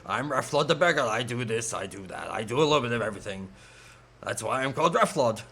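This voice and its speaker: A man voicing a boastful, chatty male townsman in a fantasy game, speaking in a lower, slow and self-satisfied drawl. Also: expressive, gravelly, a bit bright, husky, heavily acted. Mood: smug.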